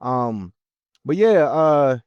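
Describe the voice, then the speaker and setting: A man's voice: mid-range voice, drawn-out words, clear, resonant tone, no echo, highs cut off. A man co-hosting a trucking podcast, chatting casually in a laid-back way. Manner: laid-back, relaxed, many fillers. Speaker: podcast co-host, truck driver. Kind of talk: casual chat.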